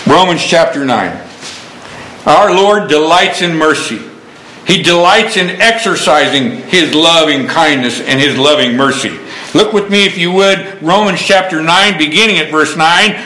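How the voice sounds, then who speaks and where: A man's voice: a little high, bright, forceful tone, roomy sound, rough recording. A man preaching a sermon, quoting scripture and telling homespun stories in a folksy manner. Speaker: pastor.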